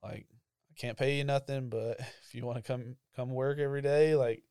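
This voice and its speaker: A man's voice: mid-range voice, steady tone, normal speed, warm tone, smooth, no echo, clean studio sound. Young man telling his story. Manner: conversational storytelling with frequent fillers, emotional. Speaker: church ministry staff member. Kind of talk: casual personal testimony.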